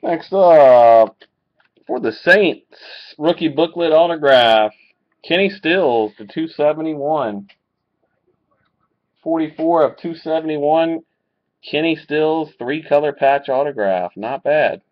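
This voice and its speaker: Guy doing a live card break on his webcam, slow talker, gets hyped at good hits, muffled audio. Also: on the high side. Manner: excitable, reacts to pulls. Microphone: webcam mic.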